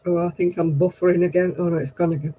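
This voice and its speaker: A woman's voice: lowish voice, fairly even intonation, quick pace, dark tone, breathy edge, low-quality recording. Chatty woman on a live video call. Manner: chatty, keeps scolding and coaxing a restless dog. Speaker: host of a live stream. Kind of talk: casual live video chat. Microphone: computer or phone on a video call.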